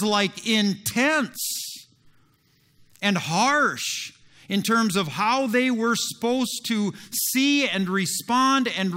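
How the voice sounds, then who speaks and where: A man preaching a sermon in a lively, conversational way, acting out little scenes as he goes. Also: sits high. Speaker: pastor.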